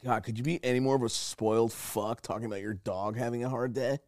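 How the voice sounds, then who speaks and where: A man's voice: mid-range voice, fast, dry recording, clean studio sound. A young man co-hosting a podcast, chatting casually with a lot of swearing and joking. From Hastings, Canada. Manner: profane, joking, lively. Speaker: podcast co-host. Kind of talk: casual crude chat.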